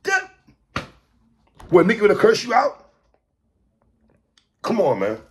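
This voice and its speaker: A man hosting a podcast, ranting in animated commentary, stammering, repeating himself and shouting for emphasis. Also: high voice, moderate pace, a little hiss or hum. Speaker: podcast host.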